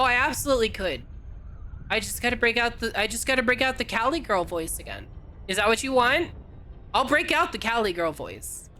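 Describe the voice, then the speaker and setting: Bright, playful woman streamer. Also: a little high, a little hiss or hum. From California. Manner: playful, teasing, answers chat. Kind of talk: casual game-stream chat.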